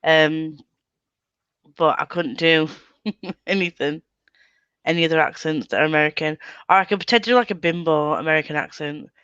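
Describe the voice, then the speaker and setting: A woman hosts a reading sprint over a video call, laughing often and teasing her friends as she chats. Her voice sits at a middle pitch and comes through a dry, slightly muffled computer mic. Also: normal speed, long pauses, fairly bright tone, clean tone, no echo. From England. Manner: giggly, teasing, chatty. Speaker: booktube host. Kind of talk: casual chat on a video call.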